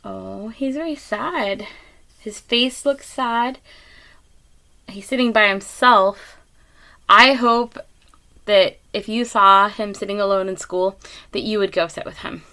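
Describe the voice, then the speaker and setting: A woman reading a picture book aloud to children, gentle and expressive, with gasps and little asides to her listeners. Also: medium pitch, slow pace, long pauses. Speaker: read-aloud reader.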